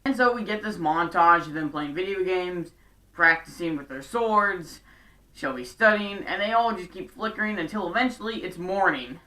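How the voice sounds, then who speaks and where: A woman's voice: on the low side, normal speed, sharp tone, far from the mic. A woman giving a casual episode recap with chatty, sarcastic asides. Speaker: show recap vlogger.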